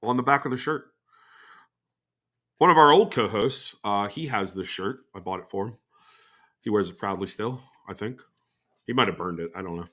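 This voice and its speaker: A man's voice: lowish voice, moderate pace, long pauses, fairly bright tone. A man hosting a podcast in loose, rambling casual chat, swearing freely. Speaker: podcast host.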